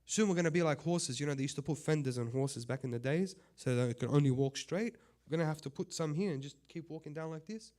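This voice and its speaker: A man who is a sheikh giving a conversational sermon, swinging between loud impassioned appeals and quiet asides. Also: fairly high pitch, fast talker, few pauses. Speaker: sheikh giving a religious talk.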